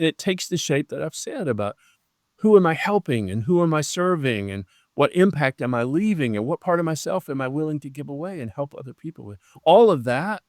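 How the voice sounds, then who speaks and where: A man's voice: on the high side, dry recording. Earnest man in his seventies, dry sound. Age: 70s. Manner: earnest and animated, slows down to stress key phrases, acts out quoted voices. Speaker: guest, leadership coach. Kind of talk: conversational interview.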